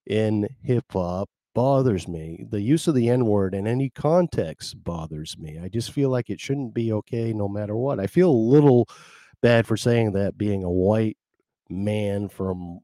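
A middle-aged man from rural talks through his own show in a loose, self-reflective ramble, pausing and restarting often. His voice sits low and mellow with a relaxed warmth. The sound is dry and close, with no room around it. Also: dry recording. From rural Maine. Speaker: podcast host. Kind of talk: casual solo monologue.

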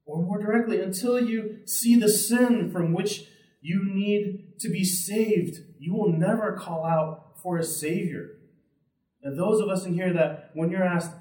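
A man's voice: fairly high pitch, darkish tone. A man preaching a sermon as pastor, earnest and direct, often checking in with his listeners by asking "right?". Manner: earnest and direct, with frequent tag questions. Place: church sanctuary. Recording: roomy sound from a distant mic.

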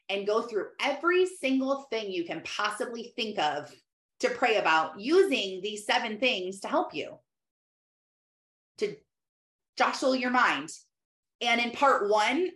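A woman's voice: mid-range voice, a bit bright. A middle-aged woman giving earnest devotional teaching, exhorting listeners between loose asides. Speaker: Christian teacher. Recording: roomy echo.

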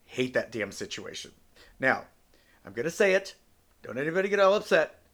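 A man's voice: fairly high pitch, very animated, normal speed, a bit bright. A man hosting a solo podcast, speaking English as a second language, talking bluntly and with plenty of profanity in a joking way. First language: not English. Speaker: podcast host.

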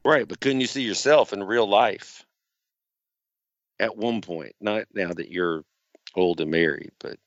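A man's voice: fairly low pitch, unhurried, pauses often, no echo, muffled recording. A man co-hosting a casual wrestling review, who asks questions and teases in a dry way. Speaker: podcast co-host.

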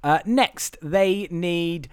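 Sarcastic guy reviewing a movie, kinda high voice, dry close mic. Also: extremely slow, clean tone, dry recording. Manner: wry, sarcastic, laughs often. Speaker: podcast host. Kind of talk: casual movie review chat.

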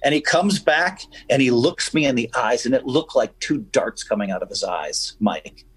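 A man guesting on a radio show, telling stories in an animated, emphatic way. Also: mid-range voice, normal speed, slightly rough, dry recording, low-quality recording. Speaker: guest poker player. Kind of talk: casual radio chat, storytelling.

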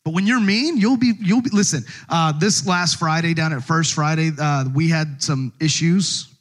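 Preaching a sermon at a moderate pace, this middle-aged male pastor has a fairly high, bright voice. He tells his stories with animation and laughs often as he goes.

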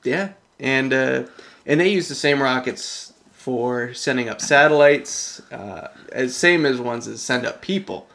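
A man's voice: mid-range voice, lively intonation, unhurried, gravelly, fairly bright tone. A man, rambling loosely and swearing casually in a casual podcast chat.

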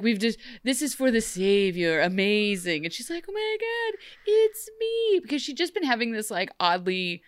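A young woman chats about a TV episode, animated and joking, slipping into quick voices for the characters. Her voice is smooth and clean. The sound is dry and close. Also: mid-range voice, no echo. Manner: animated, jokey, acts out characters in funny voices. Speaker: podcast co-host. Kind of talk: casual chat recapping a TV episode.

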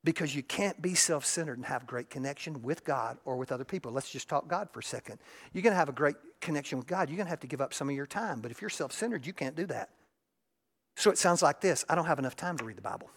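Conversational pastor preaching with lively swings. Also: medium pitch, fast, husky. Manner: conversational preaching that acts out everyday voices; shifts often between soft asides and raised emphasis. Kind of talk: sermon.

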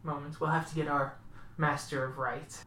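A woman voicing a sly female werewolf cultist who speaks in a hushed, conspiratorial way. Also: sits low, flat delivery, normal speed, reverberant, far from the mic, slight background noise.

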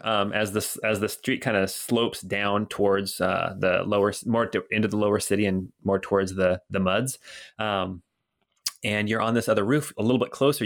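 Low-voiced male game master. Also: fairly bright tone. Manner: loose, filler-heavy narration. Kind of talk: narrating a tabletop game.

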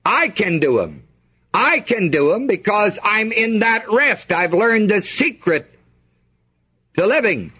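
A man's voice: sits high, big pitch swings, slow pace, bright, forceful tone, breathy edge. A man preaching a sermon, reading scripture aloud and asking the congregation to fill in the missing words.

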